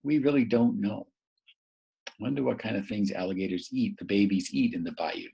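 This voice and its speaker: A man teaching a young English learner, reading a picture book aloud slowly and asking many encouraging questions. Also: fairly low pitch, vocal fry, warm tone. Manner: slow, encouraging, full of questions.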